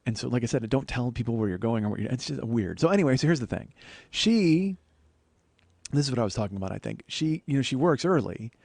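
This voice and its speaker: A man's voice: mid-range voice, expressive, quick pace, vocal fry, darkish tone. A man in his forties hosting a podcast, telling stories in a rambling, self-deprecating and profane way. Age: 40s. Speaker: podcast host. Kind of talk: comedic storytelling monologue.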